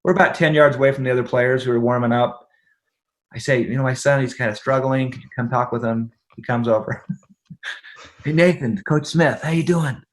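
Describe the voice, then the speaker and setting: A middle-aged man speaking as an interview guest, with a voice sitting at an ordinary male pitch. He tells a family story with plenty of energy, laughing as he goes and asking "right?" to keep his listener with him. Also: fairly quick. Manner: animated, laughing, checks in with "right?".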